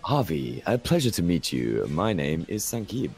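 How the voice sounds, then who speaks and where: A man's voice: sits low, sing-song, moderate pace, darkish tone, faint music behind. A man with a British accent voicing a charming male ship salesman in polite, formal sales patter. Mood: courteous.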